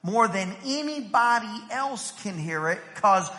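A pastor, a man in his thirties, preaching an energetic sermon to his church, telling family stories and rising to shouts. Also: high-pitched, a little slow. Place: church sanctuary. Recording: long reverb from a church hall.

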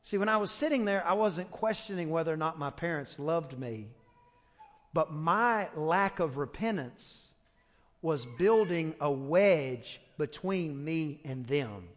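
A man preaching a storytelling sermon, animated, acting out the voices of others and shouting for emphasis. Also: a little high, unhurried, big-room sound. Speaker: pastor. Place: church sanctuary.

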